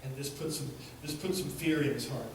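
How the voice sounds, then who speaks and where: A man preaching, telling a story in an unhurried, halting way, recorded in a church. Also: medium pitch, noisy background. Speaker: pastor. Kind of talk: sermon storytelling. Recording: echoey church from far off.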